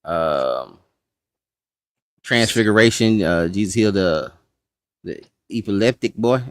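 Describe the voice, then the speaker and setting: A man's voice: fairly low pitch, animated, unhurried, smooth, dry recording, clean studio sound. A man teaching a casual Bible study class, folksy and talking straight to the group. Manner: folksy, says y'all, talks to the class. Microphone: streaming setup.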